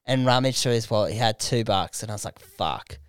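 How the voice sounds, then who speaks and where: Australian young guy, comedian on a podcast, spinning a sweary story with the quotes acted out, and his voice sounds smooth and dry, like it's close to the mic. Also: on the low side, fast, no room sound. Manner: animated, swears a lot, acts out quotes. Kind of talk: casual storytelling chat. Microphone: studio microphone.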